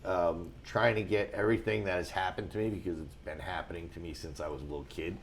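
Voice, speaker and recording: Very deep gravelly man. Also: quick pace, slight background noise. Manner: rambling, restarts often, animated when telling a story. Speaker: guest. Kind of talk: casual storytelling on a talk show.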